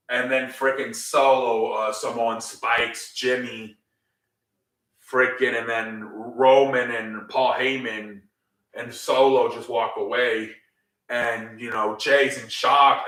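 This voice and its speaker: A man's voice: mid-range voice, pushed and bright. A man casually recapping a wrestling show, rambling with many fillers and repeated words. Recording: roomy echo, a bit far from the mic.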